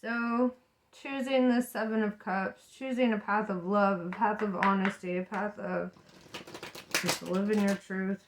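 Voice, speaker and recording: Woman, tarot reader, casual reading, blunt and profane, frequent laughter, mid-pitched voice. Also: steady tone, unhurried, noisy background. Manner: frank and profane, laughs often, says "right?" a lot.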